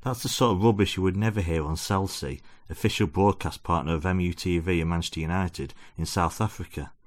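A man's voice: sits low, brisk, natural voice. A man reading aloud as a pompous, self-deluding football-obsessed father lecturing his son. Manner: preachy, lecturing.

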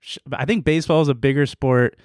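Young male podcast co-host, mid pitch, dry close mic, laid-back and teasing. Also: quick pace, no echo. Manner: relaxed, offhand, makes teasing predictions. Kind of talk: casual chat.

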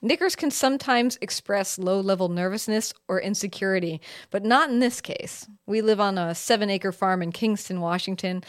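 A woman hosts a podcast in a cheerful presenter voice, introducing segments and reading listener letters. Her voice sits at a middle pitch, and the recording is dry and close. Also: no echo. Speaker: podcast co-host.

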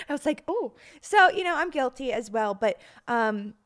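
A woman's voice: sits high, very animated, normal speed. A young woman co-hosting a podcast, teasing her partner in casual chat, laughing often and saying "like" a lot. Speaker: podcast co-host.

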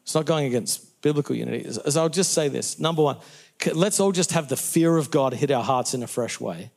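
A middle-aged Australian man talks like a pastor in the middle of a sermon, even though he is a guest in an interview. He doubles back on his words and breaks into laughter at his own asides. His voice sits in an ordinary middle pitch for a man. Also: a little fast, creaky. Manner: animated, self-interrupting, laughs at own jokes. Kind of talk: conversational interview answers, preacherly.

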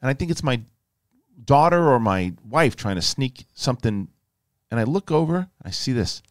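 A man hosting a podcast, telling a story in a casual, animated, emphatic way and swearing freely. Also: mid-range voice, normal speed, dry recording, clean studio sound. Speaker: podcast host.

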